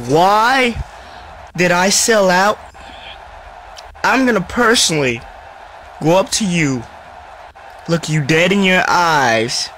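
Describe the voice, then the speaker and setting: A cocky heel wrestler snarls profane trash talk in a high-pitched voice, voiced by a man. His delivery is slow and deliberate, every threat drawn out. Faint noise sits under the voice. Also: fairly bright tone, full character voice, low-quality recording. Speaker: wrestler cutting a promo. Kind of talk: wrestling promo acting.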